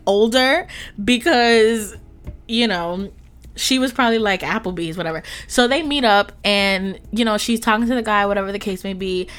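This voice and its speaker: A young woman in her twenties telling a date story in a casual, animated, profane way with laughing asides. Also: on the high side. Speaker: podcast host.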